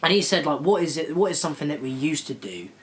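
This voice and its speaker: A man's voice: on the high side, lively intonation, fast talker. A young man co-hosting a podcast, chatting casually and telling self-mocking stories. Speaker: podcast co-host. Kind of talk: casual chat.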